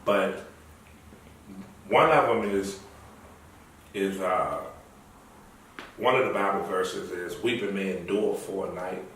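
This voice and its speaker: A man's voice: sits low, slow, pauses often, slight background noise. Middle-aged male guest, casual storyteller, recorded off-mic in a very reverberant room. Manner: animated storyteller, acts out quoted lines. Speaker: interview guest. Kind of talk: casual conversational interview. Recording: echoey room, far from mic.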